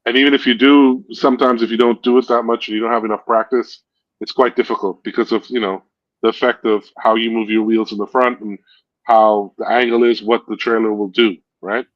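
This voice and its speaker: A man's voice: mid-range voice, level tone, fairly quick, dry recording. Rambling man telling stories, dry lo-fi sound. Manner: rambling, self-correcting, laughs at his own stories. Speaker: stream host. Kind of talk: casual storytelling chat. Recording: dull lo-fi sound.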